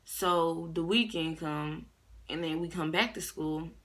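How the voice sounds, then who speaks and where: A young woman vlogger with a low-sitting voice tells a story a little slowly, in a casual, slangy way. She's animated, acting out other people's lines in raised voices.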